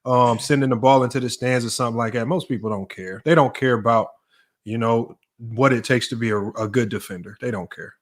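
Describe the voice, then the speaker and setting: A man's voice: medium pitch, brisk. Emphatic man coach debating basketball. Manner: emphatic, repeats words while building a point. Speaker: basketball coach and podcast host. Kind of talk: casual sports debate.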